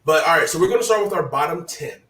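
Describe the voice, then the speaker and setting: A man hosting a casual sports talk stream, his voice hoarse, talking in a loose, hyped-up, chatty way. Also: fairly high pitch, animated, fast, a bit bright, echoey room, recorded from a distance, poor audio. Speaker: host.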